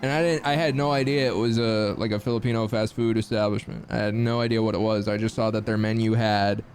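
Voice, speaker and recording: A man's voice: lowish voice, quick pace. Chatty young man streamer, faint music. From Midwest US. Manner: chatty, swears freely, lively asides. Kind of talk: casual chat reading stream chat.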